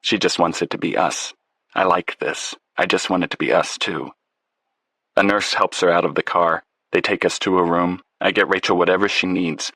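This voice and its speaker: Low gravelly male narrator. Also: fairly even intonation, moderate pace, dry recording. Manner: quiet, emotional. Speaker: audiobook narrator. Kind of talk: first-person audiobook narration.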